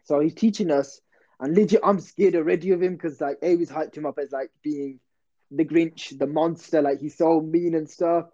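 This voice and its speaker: Young guy rambling on a podcast, bit high voice, mellow, muffled lo-fi sound. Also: steady tone, moderate pace. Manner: rambling, slangy, self-interrupting. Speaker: podcast host. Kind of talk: casual storytelling chat.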